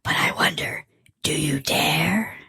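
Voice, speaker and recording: A man voicing a sly old rhyming witch, teasing in a breathy half-whisper for a storybook. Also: a little high, takes it slowly, bright, forceful tone, no echo, clean studio sound, heavily acted. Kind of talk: storybook voice acting.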